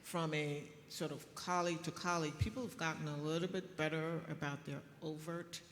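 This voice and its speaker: A middle-aged woman physician speaking on a conference panel, telling stories in a lively way with laughs. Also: sits low, a little fast, slight background noise. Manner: animated storytelling with laughs. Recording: echoey hall with faint ambience.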